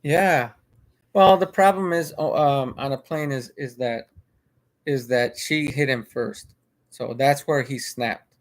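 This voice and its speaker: A male vlogger speaks slowly at medium pitch, casually going over a video he watched. He rambles, restarts sentences, repeats himself, and uses plenty of filler.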